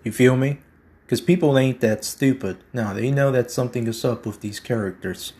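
A man's voice: mid-range voice, moderate pace, darkish tone. A man hosting his own show, delivering a slangy, emphatic conspiracy monologue and repeating his points. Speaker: podcast host.

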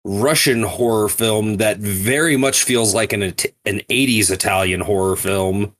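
A man with a lowish voice co-hosts a podcast in easygoing casual chat, explaining things at an unhurried pace and laughing easily. He sounds relaxed and friendly. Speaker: podcast co-host.

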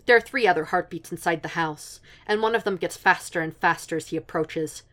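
Reading fan fiction aloud for an audiobook, a woman speaks in a low voice. Her storytelling is steady and even, moving along a little fast.

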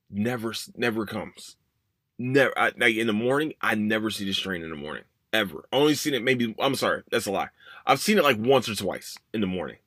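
With no room sound, a young podcast host speaks in a lowish, slightly rough voice with a fairly bright tone. He meanders through a personal anecdote, swearing then apologizing, and quoting his own past thoughts.

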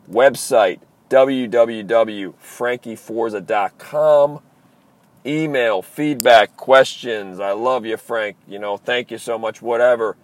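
A fired-up man with an East Coast American accent talks fast and with authority, hammering his points through repetition. He sounds like a motivational host recording from his car on the road. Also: mid-range voice. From Maryland, US East Coast. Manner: intense, driven, emphatic repetition. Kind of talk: motivational monologue. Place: in a car in traffic.

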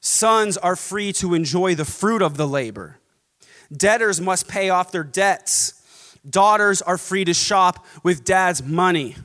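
A man's voice: high-pitched, slow pace, a bit bright. A man preaching a sermon as pastor, emphatic and rhythmic, stacking repeated contrasts. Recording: long hall reverb.

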